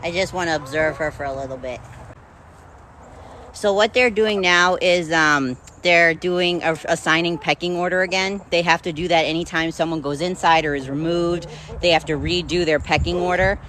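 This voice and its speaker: A woman's voice: lowish voice, fairly even intonation, moderate pace, a bit bright, rough recording. A woman chatting casually to the camera as a farm vlogger, full of fillers while she does her chores outdoors. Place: outdoors at a chicken coop. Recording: outdoor noise behind the voice.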